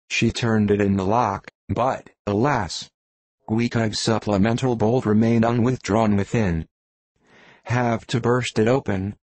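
A man narrating an audiobook in a plain, steady storytelling manner. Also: on the low side, dry recording. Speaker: volunteer reader.

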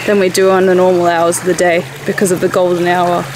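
A woman's voice: fairly low pitch, monotone, quick pace, music in the background. A young woman chatting on a casual outdoor vlog, joking and acting out animals and people in silly voices. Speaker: vlogger. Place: outdoors by a dam. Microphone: phone camera. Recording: phone video with noisy outdoor background.

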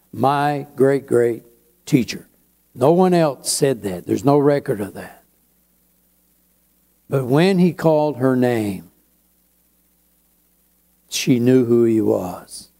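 Pastor, male; slow, unhurried sermon delivery with a warm, mellow tone and chatty asides. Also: mid-range voice, creaky. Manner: slow, conversational preaching with asides.

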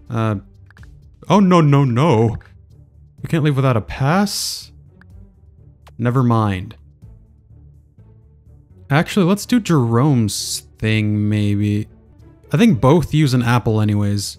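A man narrating his video game play in a loose, casual way, half talking to himself as he works out his next move. His voice sits at an average pitch, and soft music plays underneath. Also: animated, slow, pauses often. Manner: casual, muttering as he thinks aloud. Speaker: gaming video creator. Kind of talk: let's play gaming commentary.

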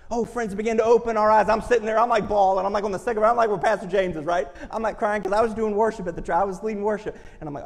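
A man's voice: high-pitched, steady tone, fast. A man preaching a sermon as pastor, impassioned and acting out quoted voices. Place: church sanctuary. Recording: long hall reverb from a church.

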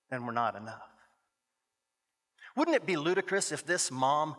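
Animated storytelling man preaching in a hall. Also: on the high side. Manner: animated, joking asides, dramatic quoted voices. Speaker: guest chapel speaker, former youth pastor. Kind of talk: storytelling sermon. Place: university chapel. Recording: echoey hall.

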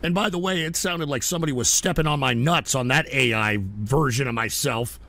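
Gravelly man hosting a call-in show. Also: mid-range voice, a little fast. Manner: exasperated, swears, shouts when upset. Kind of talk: crude call-in show banter.

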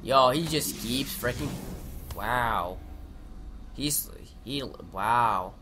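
A young man giving excitable let's play commentary, swearing and shouting at the game. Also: mid-range voice, very slow, noisy background. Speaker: gaming commentator.

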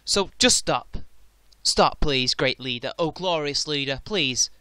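Male reaction commentator, sharp bright tone, heavy mocking sarcasm. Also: fairly high pitch, expressive, slow pace, clear, resonant tone, no room sound. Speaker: reaction video maker.

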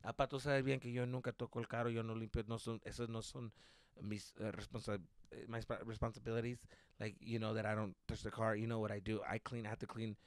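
A man's voice: on the low side, level tone, fast, no room sound. A man hosting a podcast, telling rambling, profane stories from home in a casual way. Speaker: podcast host. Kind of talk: casual storytelling.

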